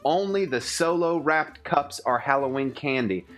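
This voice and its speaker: A man's voice: fairly high pitch, lively intonation, a little slow, fairly bright tone, faint music behind. A man co-hosting a podcast, arguing playfully in a mock-formal debating manner. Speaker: podcast co-host. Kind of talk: casual chat.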